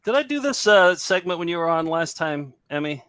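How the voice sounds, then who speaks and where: A man's voice: a little high, sing-song, a little fast, a bit bright, clean tone, no echo, studio quality, soft background music. A man hosting a casual comedy podcast, chatting, laughing and introducing clips. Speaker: host.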